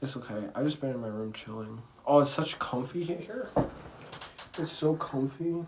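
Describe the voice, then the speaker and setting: A man's voice: medium pitch, moderate pace, noisy background. Rambling, profane man streaming from his bedroom. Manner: rambling, profane, slangy, makes zooming sound effects. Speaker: livestreamer. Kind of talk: casual livestream monologue. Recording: roomy echo.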